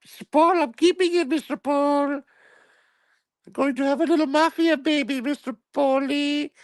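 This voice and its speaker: A man voicing a timid Colombian maid who talks in a high falsetto and broken English. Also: fairly even intonation, moderate pace, no echo. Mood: teasing.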